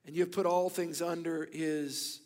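A man in his thirties preaching a sermon, telling stories with bursts of loud emphasis and hushed, whispered asides. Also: a little high, normal speed, big-room sound. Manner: animated storytelling, swings between loud emphasis and hushed whispers. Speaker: pastor.

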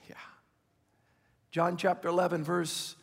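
A man in his fifties preaching a sermon with impassioned urgency, dropping at times to hushed, intimate asides. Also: high voice, completely flat delivery, measured pace, creaky, slightly rough, big-room sound. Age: 50s. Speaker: pastor.

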